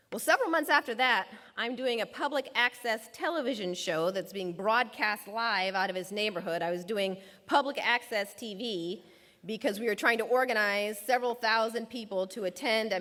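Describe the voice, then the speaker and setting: A woman's voice: mid-range voice, fairly bright tone. Storytelling woman in a reverberant hall. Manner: vivid storyteller who acts out quoted dialogue. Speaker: speaker recounting her time as a lawyer. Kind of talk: storytelling public talk.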